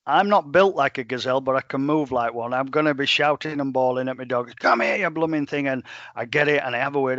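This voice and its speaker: A man's voice: medium pitch, a bit bright, no room sound, highs cut off. Blunt, plain-spoken English man. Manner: blunt, plain-spoken, quotes himself a lot. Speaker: professional gun dog trainer. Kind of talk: casual podcast interview.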